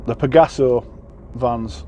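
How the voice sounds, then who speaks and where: Rambling English truck driver, mellow voice. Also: male voice, medium pitch, slow, slight background noise. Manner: rambling, self-deprecating, many fillers and restarts. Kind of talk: casual vlog chat. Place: truck cab, on the road.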